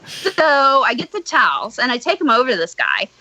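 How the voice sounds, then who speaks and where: A woman with a bright, higher-pitched voice recounts a story in casual conversation. She is blunt and swears freely, building the tale with animated energy. The sound is close and dry. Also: normal speed, dry recording, rough recording. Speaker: podcast guest.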